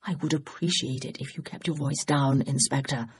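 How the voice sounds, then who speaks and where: A narrator voicing a discreet young male government agent who talks in a hushed, urgent whisper. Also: mid-range voice, fairly even intonation, moderate pace, husky, voice pushed down.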